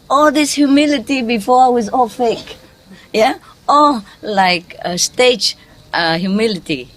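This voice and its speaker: Slow-talking woman teacher, laughing. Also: lowish voice, a little hiss or hum. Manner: chuckling often, quizzing listeners, in loose conversational English. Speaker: spiritual teacher. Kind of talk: informal teaching talk to an audience.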